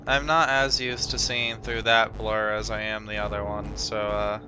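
Male streamer, low-pitched, worn-out and flat, casual game commentary over clear game music. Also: normal speed. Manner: tired, monotone. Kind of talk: casual let's-play commentary.

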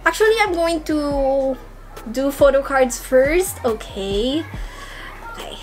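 High, gushing young woman. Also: takes it slowly. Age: young adult. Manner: gushing, squealing fangirl excitement. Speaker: vlogger. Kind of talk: excited unboxing chat.

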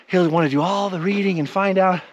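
A man's voice: high-pitched, a little fast, highs cut off, slight background noise. A middle-aged man, out of breath, chatting in a rambling vlog while hiking outdoors at old ruins. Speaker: vlogger. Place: outdoors at a desert mine ruin.

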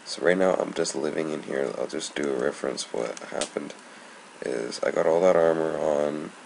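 A man's voice: rumbling low, moderate pace, vocal fry, a little mellow. A young man giving casual, annoyed gameplay commentary, rambling and swearing. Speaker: gamer. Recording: noisy home recording.

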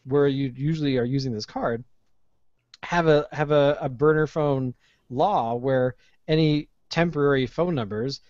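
A man, hosting a casual podcast chat and telling an animated, ranting story with plenty of swearing. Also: mid-range voice, no room sound. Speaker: podcast host. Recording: dull lo-fi podcast audio.

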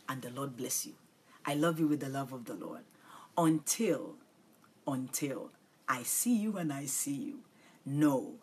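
A woman preaching and praying on a livestream, pleading and tender, often repeating short phrases and dropping into soft breathy whispers. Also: extremely low pitch, slight background noise. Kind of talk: livestream sermon and prayer.

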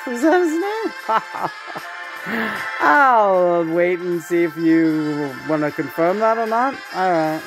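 A woman's voice: on the low side, expressive, slow, pauses often, music in the background. A woman vlogger in a giggly, chatty manner, asking questions between songs. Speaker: channeler and vlogger. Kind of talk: casual chat over music.

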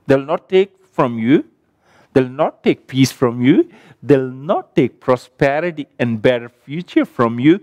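Slow, clear-voiced male preacher. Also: mid-range voice, animated, a little mellow, no echo, studio quality. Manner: measured, emphatic cadence in repeated phrases. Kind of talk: sermon with closing prayer.

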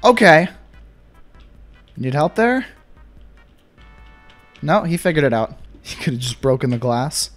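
A young man giving casual gameplay commentary, excitable and sarcastic, swinging between mock despair and glee. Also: a little high, measured pace, long pauses, soft background music. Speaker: gaming YouTuber.

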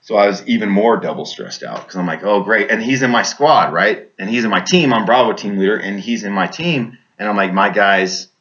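Man, army veteran, bright tense voice, intense storytelling, frequent restarts, muffled recording. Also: lowish voice, animated, fairly quick, hardly any pauses. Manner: vivid, intense, with many restarts. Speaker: army veteran recounting combat. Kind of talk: casual spoken storytelling.

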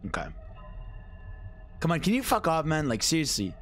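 A young man talks to his chat while he plays a scary game, loud and profane, breaking into screams and laughter. His voice sits a little high and swings widely in pitch. Faint game music plays behind him. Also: huge pitch swings, moderate pace. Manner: loud, swearing, screaming and laughing at jump scares. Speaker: streamer. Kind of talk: live gameplay commentary.

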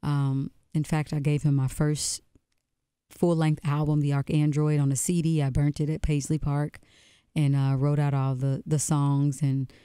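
Low, mellow-voiced woman telling a story. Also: flat delivery, clear, resonant tone, dry recording, studio quality. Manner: earnest, halting, with many restarts. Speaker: musician guest on radio show. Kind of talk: casual interview storytelling.

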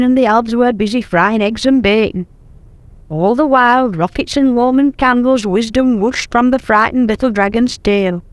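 An older woman reading a children's story aloud in a gentle, expressive way, recorded at home on tape. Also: on the high side, dry recording.

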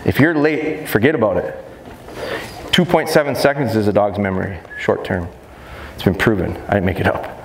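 A male dog trainer giving a live seminar talk in an animated, jokey, hands-on way. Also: fairly low pitch, normal speed. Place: expo seminar hall. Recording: echoey hall, faint background noise.

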